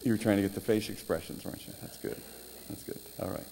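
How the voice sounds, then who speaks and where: A male preacher telling stories in a sermon, animated, with halting restarts. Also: fairly low pitch, vocal fry. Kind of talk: sermon storytelling. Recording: reverberant hall, faint noise.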